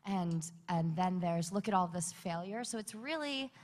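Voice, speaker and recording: A woman's voice: on the low side, animated, a little slow, a little mellow. Candid woman on a reverberant stage. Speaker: panel guest actor. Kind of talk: convention panel chat. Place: large convention hall. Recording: long hall reverb.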